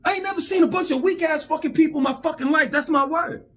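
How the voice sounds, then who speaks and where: A man's voice: very high-pitched, fast talker, fairly bright tone. A man delivering a heated, profane vlog rant, often stammering over repeated words. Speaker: vlogger. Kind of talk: angry monologue rant.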